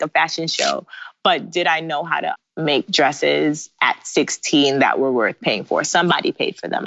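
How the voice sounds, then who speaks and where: Brief: woman in her thirties, lowish voice, animated storyteller, dry dull recording. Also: gravelly, no room sound. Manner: animated, laughing asides, acts out her own past lines. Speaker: guest, bridal designer. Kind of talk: casual interview storytelling. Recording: dry, slightly dull sound.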